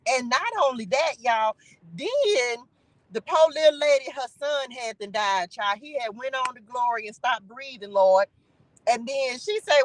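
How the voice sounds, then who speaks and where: A woman's voice: high-pitched, lively intonation, unhurried, dry recording, rough recording. A woman hosting a channel who delivers an informal spiritual message. She preaches, calls out to the Spirit and repeats phrases for emphasis. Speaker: spiritual reader and channel host.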